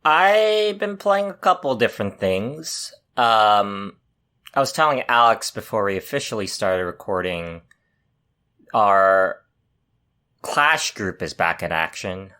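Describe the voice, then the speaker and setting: A man co-hosting a casual gaming podcast, talking in a relaxed, measured way with frequent pauses. His voice is lowish but carries a bright, forward edge. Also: smooth. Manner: relaxed, measured, a bit hesitant with fillers. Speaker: podcast co-host.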